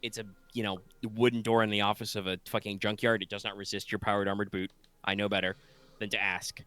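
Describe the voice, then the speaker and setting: A man's voice: lowish voice, level tone, fast talker, sharp tone, clear, resonant tone. A man narrating a tabletop game as game master over a voice call, drowsy and rambling with many fillers. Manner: rambling, full of fillers and restarts. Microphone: online voice call.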